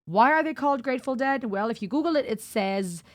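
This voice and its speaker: A woman's voice: fairly high pitch, animated, fairly quick, no room sound. A young woman hosting a reaction video, chatting casually and thinking aloud with musing asides.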